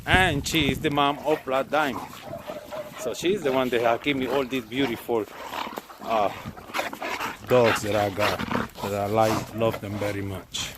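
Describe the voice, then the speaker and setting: A man in a snowy backyard, talking slowly and fondly to his dogs as he films them, with dogs playing in the background. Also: mid-range voice, steady tone, noisy background. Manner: slow, fond, talks to his dogs. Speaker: dog owner filming his dogs. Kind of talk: casual handheld commentary.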